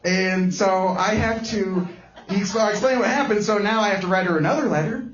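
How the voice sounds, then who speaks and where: A man's voice: high voice, a little fast, roomy sound, lo-fi sound, a crowd in the background. A man doing live stand-up comedy with a guitar, telling a story in rambling bursts full of restarts. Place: small comedy club.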